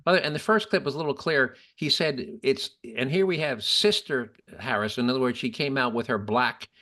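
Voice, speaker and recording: A man's voice: medium pitch, brisk, bright, forceful tone. Opinionated man hosting a podcast. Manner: opinionated, argues with statistics. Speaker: podcast host. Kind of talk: casual political chat.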